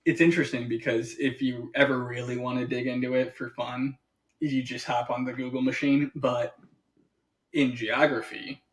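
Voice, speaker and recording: A man co-hosting a podcast in casual chat, animated, acting out what other people say and laughing often. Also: mid-range voice, normal speed. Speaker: podcast co-host.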